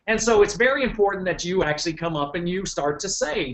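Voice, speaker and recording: A middle-aged man giving a motivational business talk to an audience, animated, often repeating words and checking in with the room. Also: high-pitched, brisk, hardly any pauses. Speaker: keynote speaker.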